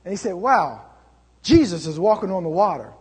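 Animated husky male preacher in a hall. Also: sits high, moderate pace. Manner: animated storytelling, acts out voices. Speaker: pastor. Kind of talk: sermon.

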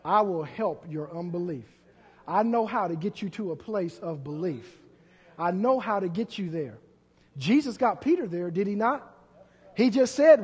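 A man preaching a sermon as pastor, full of rhetorical questions and swinging between loud and soft. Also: high voice, big pitch swings, a little slow, breathy edge. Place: church. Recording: long church hall reverb.

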